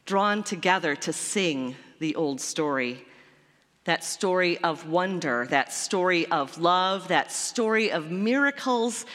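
Slow-speaking woman preacher in a reverberant church. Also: fairly low pitch, expressive, fairly bright tone. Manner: lyrical, repetitive, wondering. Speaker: pastor. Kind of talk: sermon.

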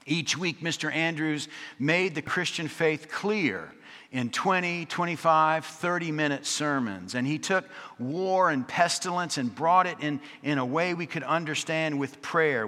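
A man's voice: on the high side, a little slow, pushed and bright. A man preaching a storytelling sermon, with wry, conversational asides and dramatic repetition. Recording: long reverb of a large hall.

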